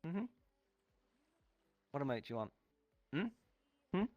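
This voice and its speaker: A man's voice: medium pitch, big pitch swings, unhurried, no room sound, muffled recording. A male streamer in casual chat, playful and teasing as he greets his viewers.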